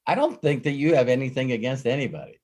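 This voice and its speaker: A man's voice: mid-range voice, animated, fast talker, darkish tone. Rambling male life coach. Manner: rambling, with frequent restarts and repeated words. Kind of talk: live coaching session talk.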